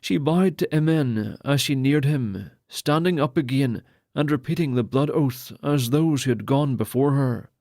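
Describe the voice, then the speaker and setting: A man narrating a fantasy audiobook in a steady, even reading voice. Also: medium pitch, a little slow, dry recording, studio quality.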